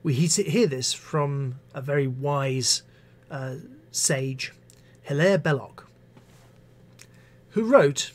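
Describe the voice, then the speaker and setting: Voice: mid-range voice, slow, pauses often. An English teacher on a live stream, reciting favourite poems theatrically and adding wry asides. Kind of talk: live-stream poetry reading.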